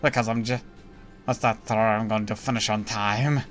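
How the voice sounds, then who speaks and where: A man's voice: lowish voice, steady tone, normal speed, soft background music, natural voice. A man voicing a frazzled, sleepless manga artist on deadline in a game, reading the lines aloud on a stream in a brash, bossy way. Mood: defensive.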